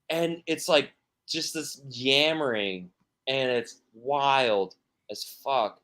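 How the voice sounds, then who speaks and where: A man's voice: medium pitch, slow, a bit bright. A man, a musician guest on a podcast, talking casually and rambling through stories with many restarts and fillers.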